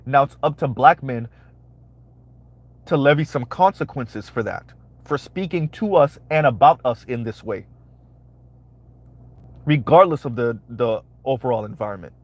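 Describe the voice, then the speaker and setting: A man's voice: mid-range voice, unhurried, pauses often, lo-fi sound. Emphatic man hosting a live commentary. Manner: emphatic, repeats phrases, asks "right?" often. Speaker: commentary channel host.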